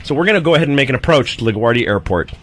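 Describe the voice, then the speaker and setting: A middle-aged man, a comedian guest on a talk show, telling a story in a profane, animated way, acting out voices and restarting often. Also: mid-range voice, very fast.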